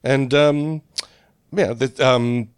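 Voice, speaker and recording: A man's voice: medium pitch, fairly even intonation, drawn-out words, clean tone, dry recording, clean studio sound. A man co-hosting a podcast, chatting casually about a sitcom in a rambling, laugh-prone way. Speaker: podcast co-host. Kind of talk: casual chat reviewing a sitcom.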